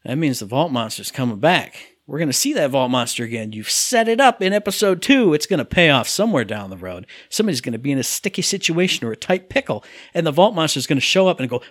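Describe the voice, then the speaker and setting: A man's voice: a little high, sing-song, fast, few pauses, fairly bright tone, no echo, studio quality. A man co-hosting a casual chat, ranting about a game and mimicking characters' lines in exaggerated voices. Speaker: podcast co-host reviewing a game.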